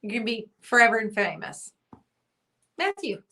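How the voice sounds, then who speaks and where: Bright chatty woman hosting a livestream. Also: on the high side, sing-song, normal speed. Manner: chatty, teasing, reads viewer comments aloud. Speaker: livestream host. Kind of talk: casual livestream chat.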